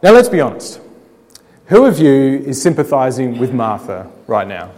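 A man preaching a sermon, telling the story dramatically with rhetorical questions, slowing down and dropping quiet to make points. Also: medium pitch, very animated. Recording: long hall reverb.

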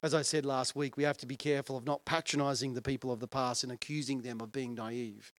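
A man's voice: mid-range voice, little pitch movement, fast talker, a bit bright, dry recording. A male pastor preaching a sermon in an earnest, conversational way and putting questions to his listeners.

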